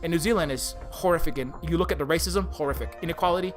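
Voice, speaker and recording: A man with a fairly high voice rants on a livestream, heated and full of swearing. He circles back to the same points again and again, padding them with ums and uhs. Soft music plays faintly behind him. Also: quick pace. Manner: heated, profane, repeats himself, lots of fillers. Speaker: streamer and indie game developer. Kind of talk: livestream rant.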